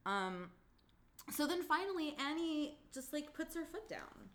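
A woman's voice: sits high, sing-song, measured pace. A woman co-hosting a podcast, casually recapping a TV episode, chatty and laughing often with lots of "like". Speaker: podcast co-host.

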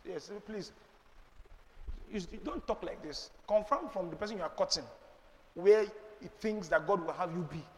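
Recorded in a large hall, a middle-aged pastor with a Nigerian accent responds to church questions with emphatic, rhetorical preaching that breaks into sudden loud bursts. His voice sits high, with lively intonation and a normal pace.

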